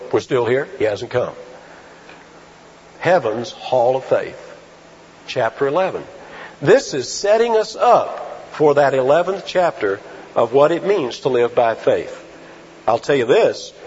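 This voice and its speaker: Male pastor, emphatic sermon delivery, pitch swinging widely, muffled lo-fi sound. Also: slight background noise. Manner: emphatic preaching with rhetorical questions and slow stressed phrases. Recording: dull lo-fi sound.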